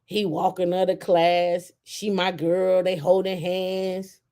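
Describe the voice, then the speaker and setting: A woman host in casual chat, telling stories in an animated way and acting out quotes. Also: on the low side, slow. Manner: animated storytelling with acted-out quotes.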